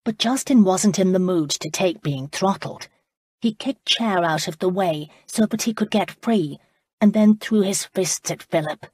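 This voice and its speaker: A woman narrating an audiobook in a steady, even storytelling manner. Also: medium pitch, measured pace, breathy edge, dry recording. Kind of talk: scripted narration.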